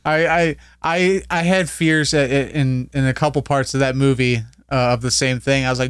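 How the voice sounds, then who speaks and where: A man's voice: mid-range voice, fairly even intonation, normal speed, hardly any pauses, clean tone, no room sound, clean studio sound. A man wrapping up a casual podcast, stammering a little as he starts his sentences and laughing often. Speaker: podcast host. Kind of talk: casual chat.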